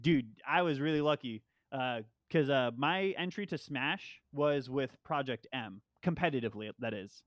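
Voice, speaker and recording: A man's voice: mid-range voice, moderate pace, hardly any pauses, fairly bright tone, dry recording, clean studio sound. A young man from New York with no accent, chatting loosely as a guest about playing Smash. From Long Island, New York. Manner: rambling, loose, swears often. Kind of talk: casual podcast chat.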